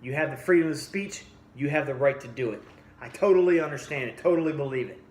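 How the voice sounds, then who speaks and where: A man's voice: medium pitch, quick pace, a little mellow. Blunt man ranting in an echoey room. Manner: blunt, repeats himself, restarts sentences. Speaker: fitness vlogger. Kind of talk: heated opinion rant. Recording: echoey room with faint ambience.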